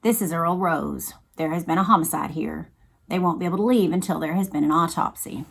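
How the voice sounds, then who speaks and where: A woman's voice: fairly low pitch, fairly quick, vocal fry, husky, pitched below the performer's own voice. Casting: a woman voicing a brittle, law-bound male medical examiner, curt and unyielding. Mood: insistent. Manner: curt, insistent. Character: stern, pedantic male medical examiner, rigid about the law. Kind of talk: read-aloud book dialogue.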